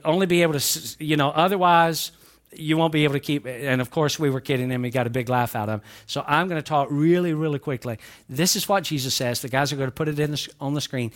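A man with a Southern American accent, preaching a sermon as pastor, swinging between raised exhortation and quieter asides. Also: mid-range voice. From Southern United States. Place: church sanctuary.

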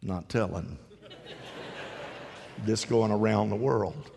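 A man's voice: fairly low pitch, slow pace, creaky, a little mellow, a little hiss or hum. A man preaching a sermon to a congregation, telling a story in a folksy, joking way and asking the crowd questions. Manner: folksy, storytelling, jokey asides. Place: large hall with an audience. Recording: long hall reverb.

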